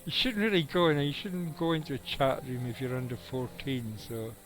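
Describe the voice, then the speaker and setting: A man's voice: mid-range voice, fairly even intonation, moderate pace, a bit bright, low-quality recording. A middle-aged man, giving rambling, casual live commentary on his game and chatting with viewers, swearing now and then. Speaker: game streamer.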